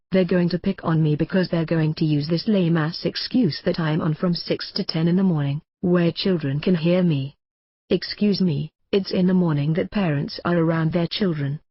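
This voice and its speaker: A brash man narrates his own memoir in a mocking, combative rant. His voice is husky and the sound is bone-dry. The recording is a little dull and muffled. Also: on the high side, moderate pace, no echo. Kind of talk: audiobook narration in a ranting radio voice.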